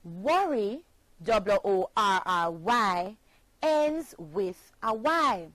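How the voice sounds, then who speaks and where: A woman teacher from Jamaica giving a scripted spelling lesson, speaking slowly and spelling words out letter by letter. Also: mid-range voice, very animated, a bit bright, no room sound, rough recording.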